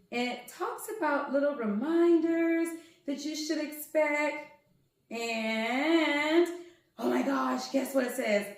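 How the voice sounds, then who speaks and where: A woman, vlogging at home as she unpacks yarn and gushes over each skein. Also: sits high. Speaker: crafting vlogger. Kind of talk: casual unboxing vlog. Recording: very echoey room.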